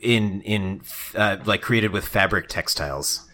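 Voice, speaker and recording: Lower-voiced goofy male podcast co-host. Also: a little slow. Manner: goofy, deadpan asides, trailing half-finished jokes. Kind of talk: casual comedic chat.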